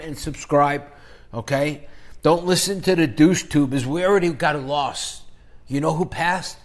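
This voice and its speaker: Man, shock-jock finance vlogger, higher-pitched, crude, profane, rambling with loud jabs. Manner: loose, rambling delivery with sudden loud jabs. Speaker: finance YouTuber. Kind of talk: ranting investing vlog.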